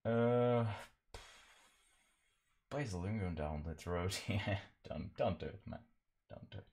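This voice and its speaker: A man's voice: low-pitched, expressive, slow pace, gravelly, a little mellow. A man chatting casually while painting on a live stream, rambling and self-deprecating, laughing often.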